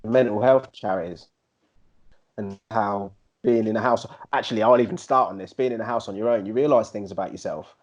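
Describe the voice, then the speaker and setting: Lively man telling stories. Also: fairly low pitch, a little fast, lo-fi sound. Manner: animated storyteller, slangy, slips into put-on MC voices. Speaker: podcast co-host. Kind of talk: casual chat.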